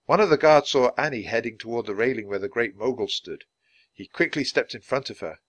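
A man reading a children's chapter book aloud clearly, for language learners. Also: mid-range voice, a little fast, no echo. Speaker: storybook reader.

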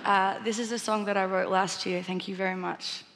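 A woman's voice: mid-range voice, steady tone, moderate pace, background noise. Stuttering woman speaking in a hall. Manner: earnest, self-deprecating. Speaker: speaker giving a talk. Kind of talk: public speech on stage. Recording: long reverb of a large hall.

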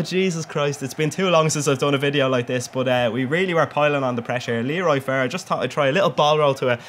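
Young guy, gaming commentary, loose and cheeky, laughs a lot, average pitch. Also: a bit bright. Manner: chatty, jokey, crude, laughs often. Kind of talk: casual game commentary.

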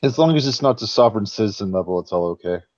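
A man's voice: lowish voice, lively intonation, very fast, darkish tone. A man playing in a tabletop game, laid-back and making dry remarks. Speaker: player. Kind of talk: casual chat at a game table. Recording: dull, lo-fi, dry sound.

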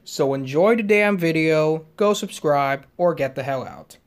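A man voicing a cheeky, eager little male tank engine who talks in a bright, excited, sing-song way. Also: a little high, a little slow, pitched above the performer's own voice. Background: music.

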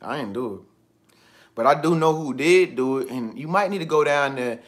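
A man doing a low mumbling shifty liar. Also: lively intonation, normal speed, lightly acted. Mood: evasive. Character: low-voiced shifty man denying guilt.

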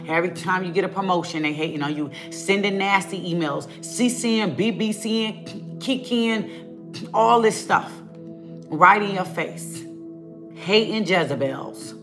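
A woman ministering online, preaching a fiery rant at her viewers, emphatic and scolding, with lots of repetition and casual talk. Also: fairly low pitch.

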